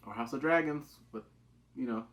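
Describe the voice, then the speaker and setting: A man casually reviewing a TV episode, excitable, acting out quotes with big jumps in pitch and swearing loosely. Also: normal speed. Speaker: TV show reviewer.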